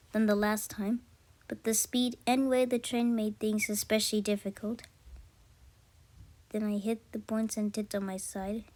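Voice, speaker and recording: A woman's voice: on the high side, a little mellow. A woman narrating a first-person story aloud, amateur and unpolished. She stumbles often, backs up and corrects herself mid-sentence before moving on. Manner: halting, frequent self-corrections. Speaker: story reader.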